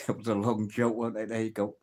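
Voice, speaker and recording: A man's voice: fairly low pitch, little pitch movement, moderate pace, a little mellow. A man hosting a casual live stream, telling old jokes, reading out viewer comments and laughing at his own punchlines. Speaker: livestream host.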